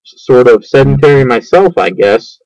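A man's voice: mid-range voice, expressive, moderate pace, creaky, darkish tone, no room sound, lo-fi sound. A man reading an audiobook, voicing a curious young pig who asks wondering questions.

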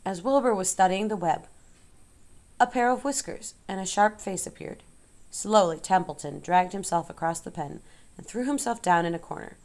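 A woman narrating a storybook aloud in a measured, expressive way. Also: medium pitch.

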